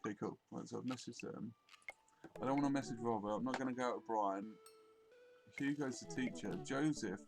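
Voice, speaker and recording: A man's voice: mid-range voice, fairly quick, vocal fry. A man giving jokey, offhand let's-play commentary while reading a dating game aloud. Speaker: gamer playing through a visual novel. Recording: loud game music behind.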